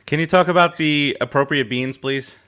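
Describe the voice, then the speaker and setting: A man hosts a loose chat show over a video call, and his voice has a bright, forward tone. He keeps the mood light, teasing his co-hosts and often breaking into laughter. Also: on the high side, normal speed, smooth. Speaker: show host.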